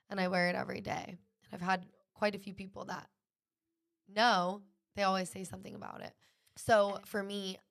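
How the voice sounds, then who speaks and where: Young woman podcaster, gravelly fry in her voice, kinda flat delivery, chatty and earnest. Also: mid-range voice. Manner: earnest, fills speech with "like". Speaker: podcast host. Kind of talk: casual personal storytelling.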